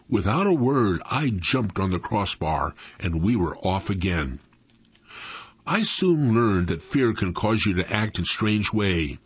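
A man narrating a first-person story with an expressive, dramatic delivery. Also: fairly low pitch, takes it slowly, breathy edge, no room sound, dull audio.

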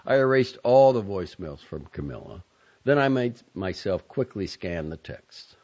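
Guy reading an audiobook, lowish voice that moves around a lot, kinda dull lo-fi sound. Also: husky. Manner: measured, introspective, softly expressive. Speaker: narrator. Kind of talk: audiobook narration.

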